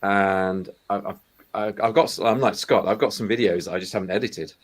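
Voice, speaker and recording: A man talks on a video call in a low voice. He hesitates often and fills gaps with ums, sounding unhurried. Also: husky. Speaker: toy collecting YouTuber. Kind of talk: casual video call chat.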